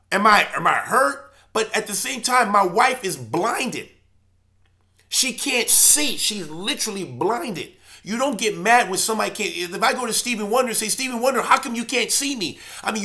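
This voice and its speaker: A man's voice: high-pitched, sharp tone. A man, a church elder, delivering an impassioned preaching monologue, emphatic and repeating his key phrases.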